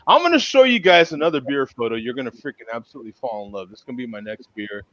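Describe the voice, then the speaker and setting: A man hosting a casual video-call beer chat, jokey and laughing often, with halting restarts. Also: mid-range voice, very animated, a bit bright, no echo. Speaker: host. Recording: muffled lo-fi call audio.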